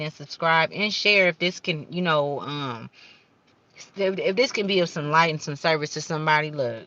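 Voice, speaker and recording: A woman's voice: low voice, a bit bright, highs cut off. A woman doing a casual spiritual card-reading vlog, talking fervently in slang, swearing at times and stumbling as she reads the card text aloud. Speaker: card reader.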